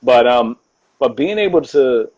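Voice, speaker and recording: A man talking casually on a live stream as a guest author, animated and quick to laugh, often repeating himself. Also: mid-range voice, breathy edge, muffled recording. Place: home. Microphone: phone or video call.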